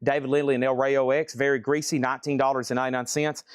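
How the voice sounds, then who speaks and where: Calling out record titles and prices in quick bursts, a man runs a live online sale and auction, often exclaiming in surprise. His mid-range voice holds a level, clean tone, captured dry with studio quality.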